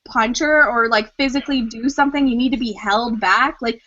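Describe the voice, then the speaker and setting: A woman hosts a relaxed interview chat, her voice bright and a little high. She talks casually and uses "like" all the time. The sound is dull and lo-fi. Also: brisk. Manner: casual, fills her talk with "like". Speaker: host. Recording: dull lo-fi recording.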